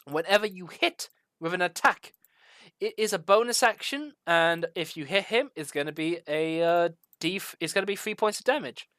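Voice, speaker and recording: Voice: medium pitch, animated, normal speed, fairly bright tone, dry recording. A game master running a tabletop game, describing the action in loose narration full of fillers.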